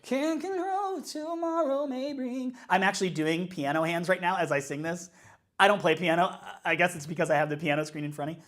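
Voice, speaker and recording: A man's voice: fairly high pitch, fairly even intonation, quick pace, a bit bright. A man, a worship leader, chatting casually and upbeat on a livestream while working things out aloud.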